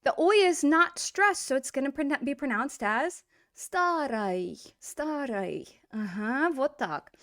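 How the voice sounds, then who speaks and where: Lively woman teaching language, dry close sound. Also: high-pitched, no echo. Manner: lively, repeats and models pronunciations slowly. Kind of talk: casual explanatory lesson.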